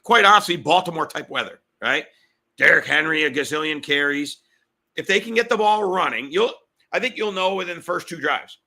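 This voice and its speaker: A middle-aged man hosting a sports betting podcast, talking fast and fired up, repeating himself. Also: a little high, lively intonation, bright, forceful tone.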